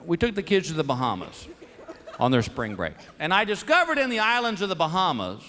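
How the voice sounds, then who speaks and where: A middle-aged man doing stand-up comedy, an animated, self-mocking storyteller on stage before a live audience. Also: a little high, brisk, long reverb tail. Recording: live show with crowd laughter and noise.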